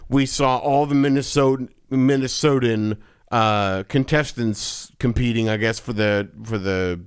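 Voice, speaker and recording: A man's voice: mid-range voice, a little slow, clear, resonant tone, dry recording, clean studio sound. A man co-hosting a casual movie podcast, chatty, repeating words as he works through his thoughts. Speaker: podcast co-host.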